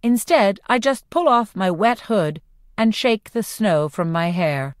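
A woman narrating a first-person novel in clear, expressive storytelling. Her pitch rises and falls with the story. The recording is close and dry. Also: a little slow, dry recording. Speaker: audiobook narrator.

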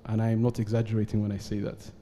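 A man speaking earnestly as a panel guest, measured, with frequent pauses and formal Arabic phrases. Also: lowish voice, completely flat delivery, mellow. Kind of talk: formal talk at a live event. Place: event hall at an Islamic centre. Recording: long hall reverb.

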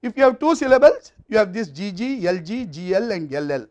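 A man's voice: sits high, animated, a little fast, a little mellow, lo-fi sound. A man with an Indian English accent giving a university lecture, explaining step by step in a methodical way.

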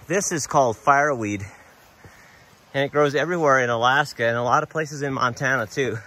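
A man's voice: mid-range voice, fairly quick, slight background noise. A middle-aged American man chatting casually while hiking a mountain trail outdoors, a little out of breath and rambling as he talks about the way up. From United States. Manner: relaxed, rambling, admiring nature. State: slightly out of breath. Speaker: vlogger, father on a family hiking trip.

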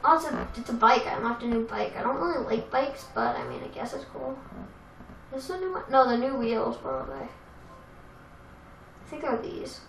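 A young woman casually commenting on a racing game she plays, chatty and self-deprecating, with excitable outbursts. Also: high voice, normal speed, creaky, pauses often, slight background noise. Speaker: let's play gamer. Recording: echoey room with game music.

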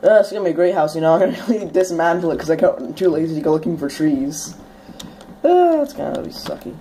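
A woman's voice: low-pitched, expressive, quick pace, dark tone, a little hiss or hum. A young woman hosting a gameplay video, chatting casually as she plays, swearing now and then and bursting into sudden shrieks when startled. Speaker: let's play host.

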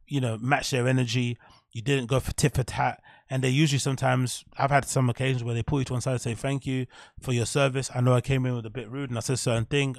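Male podcast host, quick-talking, blunt and profane, dry close sound, casual commentary. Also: mid-range voice, gravelly, no room sound.

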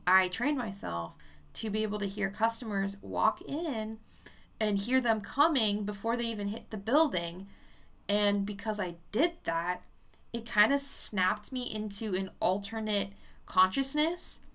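A woman's voice: medium pitch, a little slow, gravelly, a bit bright. A woman speaking as a psychic medium in a casual vlog, chatty and blunt, swearing freely as she explains things.

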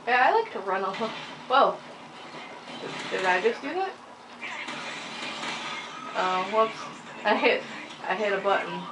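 A young woman giving casual, rambling gameplay commentary, giggling often and filling pauses with ums, a little sleepy with hiccups. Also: medium pitch. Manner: rambling, giggly, many fillers. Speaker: gaming channel host. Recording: distant mic with faint noise.

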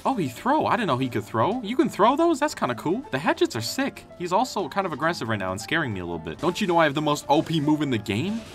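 Young male gamer, playful trash-talker, higher voice with lively swings, light game music behind. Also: quick pace, hardly any pauses. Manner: excitable, jokey, talks trash to enemies. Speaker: gaming youtuber. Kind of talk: casual gameplay commentary.

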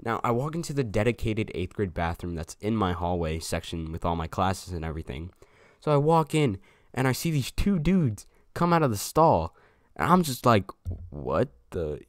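A man's voice: on the low side, big pitch swings, normal speed, no room sound, studio quality. A young man telling a casual storytime to his viewers, loose and slangy, swearing freely. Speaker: storyteller vlogger.

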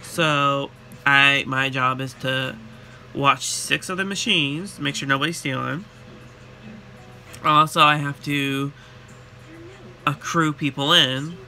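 Bright, gravelly young man ranting. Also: mid-range voice, slow, long pauses, slight background noise. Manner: chatty, animated storytelling. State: tired. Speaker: vlogger and retail worker. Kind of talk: casual vlog rant.

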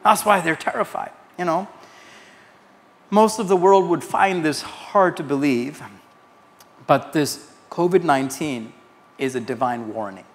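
A man's voice: on the high side, measured pace, pauses often, long reverb tail. A man from India preaching a sermon as pastor, quoting scripture and telling anecdotes to his congregation. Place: large church hall.

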